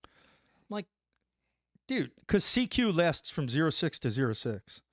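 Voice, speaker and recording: A man and former Army Ranger telling a story in a casual interview, animated and profane, acting out the dialogue. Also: fairly high pitch, measured pace, no room sound, studio quality.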